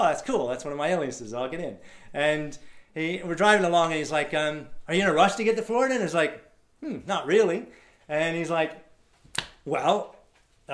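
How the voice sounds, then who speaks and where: A man's voice: a little high, fairly bright tone. A man telling a personal story to a live audience, acting out the voices of others and laughing often. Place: event hall before a live audience.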